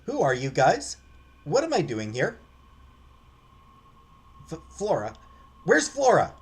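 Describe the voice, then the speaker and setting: A man's voice: a little high, huge pitch swings, slow, breathy edge, full character voice. Man doing a defiant young adventurer. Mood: frantic. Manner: urgent, defiant. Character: frantic, stubborn young adventurer.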